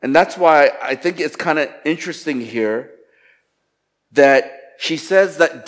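Animated male preacher. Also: on the high side, slow. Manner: animated, acts out quotes with sarcasm. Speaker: pastor. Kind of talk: sermon.

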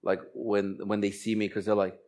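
A man preaching as a pastor, moving from slow, emphatic scripture reading into a chatty, laughing personal story. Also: lowish voice. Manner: conversational, animated storytelling with laughs and quoted voices.

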